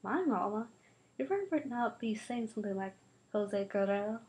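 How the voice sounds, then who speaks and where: A woman's voice: mid-range voice, moderate pace, poor audio. Woman reading a novel aloud. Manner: lively, shifts voices for the children's quarrel. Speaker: reader.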